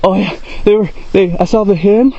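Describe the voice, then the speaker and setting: A man on a hunt, reacting excitedly and quickly to what just happened. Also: sits high. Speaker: hunter. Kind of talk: casual outdoor chat. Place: outdoors in rural fields. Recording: dull outdoor audio, faint field noise. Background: crickets and insects.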